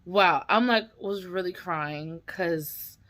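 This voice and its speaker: A woman's voice: fairly low pitch, takes it slowly, fairly bright tone. A woman hosting a reaction video, talking casually and emotionally, tearful and rambling with many fillers and restarts.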